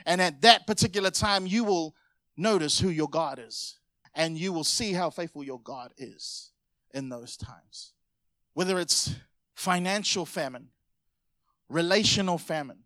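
A man's voice: on the high side, a little slow, fairly bright tone, no room sound, clean studio sound. A man preaching a sermon as a pastor, telling a personal story with emotion and building to exhortation. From Samoan family. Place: church hall.

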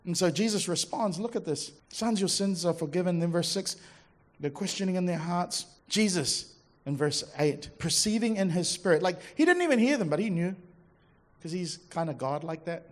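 A man preaching a sermon to a congregation in a conversational, emphatic way, dropping to a quiet, intense voice for quoted words. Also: sits high, lively intonation, moderate pace. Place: church service before a congregation.

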